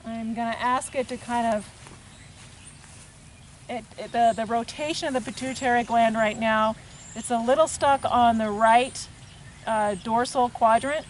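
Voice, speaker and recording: Soft-spoken woman explaining hands-on work. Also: a little high, fairly even intonation, measured pace, a little hiss or hum. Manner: soft-spoken, murmurs gently to the horse between explanations. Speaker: equine therapist. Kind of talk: hands-on demonstration narration. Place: outdoors with a horse, rural setting.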